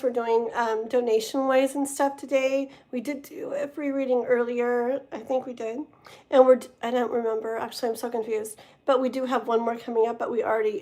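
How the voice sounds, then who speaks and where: A woman with a slightly high voice runs a casual live tarot stream. She talks in a chatty, rambling way and reads card meanings aloud. Her voice sounds tired and strained. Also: darkish tone. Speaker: tarot reader. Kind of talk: casual livestream chat and card reading.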